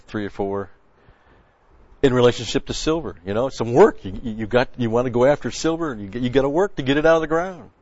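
A man's voice: on the low side, a little mellow, dull audio. A man preaching a conversational sermon, folksy and blunt, quoting scripture and restarting his sentences often.

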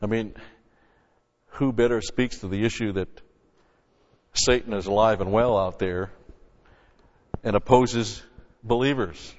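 Male pastor, low voice, emphatic teaching sermon, dull recording with long church-hall reverb. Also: fairly even intonation, a little slow, long pauses, a little hiss or hum. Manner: emphatic, swings between loud stresses and quiet asides. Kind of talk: expository sermon.

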